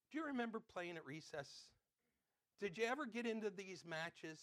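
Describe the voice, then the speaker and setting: Man, pastor, sermon, high voice, animated, dry close sound. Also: normal speed, no room sound. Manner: animated, acts out playground kids with shouted bits. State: out of breath.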